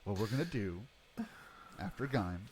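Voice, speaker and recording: A man's voice: lowish voice, expressive, normal speed, noisy background. A man co-hosting a podcast in casual chat, teasing the others and often repeating himself before trailing off. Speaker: podcast co-host.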